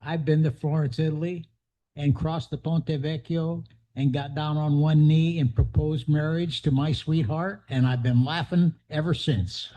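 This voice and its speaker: A man's voice: a little high, steady tone, unhurried, dark tone. A man addressing a club meeting with a jovial short story. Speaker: club member. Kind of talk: casual anecdote at a meeting.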